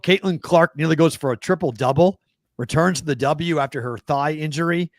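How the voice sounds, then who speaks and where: Man, Boston accent, sports betting co-host, animated casual talk, dry close sound. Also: fairly high pitch, fairly quick, no echo. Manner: animated, thinks aloud and corrects himself.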